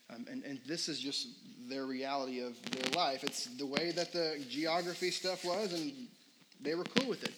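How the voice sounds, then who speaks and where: Slightly high-voiced casual young preacher man. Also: background noise. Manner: casual, conversational preaching with fillers and questions to the congregation. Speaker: pastor. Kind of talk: sermon.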